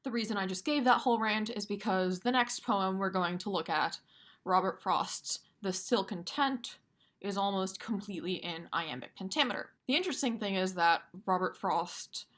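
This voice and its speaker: Woman, poetry teacher, casual lecture tone, emphatic, mid-pitched. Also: normal speed, fairly bright tone. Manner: casual, emphatic, taps out rhythms aloud. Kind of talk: explaining poetry for exam review.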